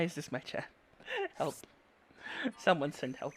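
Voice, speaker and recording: A man live-streaming as a VTuber, chattering excitedly and bickering playfully with his chat, often yelping and shouting. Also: on the high side, unhurried, pauses often. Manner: frequent yelps and shouts. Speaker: VTuber livestreamer.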